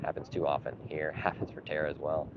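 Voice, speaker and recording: A man doing partisan play-by-play for his club's live stream, getting frustrated and sometimes yelling at calls. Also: extremely low pitch, flat delivery, quick pace. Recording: dull lo-fi live stream audio with noise.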